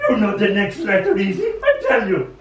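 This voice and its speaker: Cheery coaxing puppet monster guy, older man putting it on, pitched up, distant in a roomy space. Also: huge pitch swings, normal speed, lo-fi sound, background noise. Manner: chummy, coaxing, playful. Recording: echoey room, mic far off.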